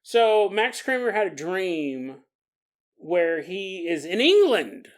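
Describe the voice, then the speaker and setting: A man's voice: high voice, big pitch swings, slow. A man hosting a podcast in a casual, joking monologue, laughing often and making asides to listeners. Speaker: podcast host.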